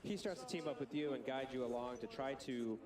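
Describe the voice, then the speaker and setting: A man, a game developer, calmly explaining game features in a live showcase interview. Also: medium pitch, a little fast. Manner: relaxed, explanatory. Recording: distant mic with crowd noise.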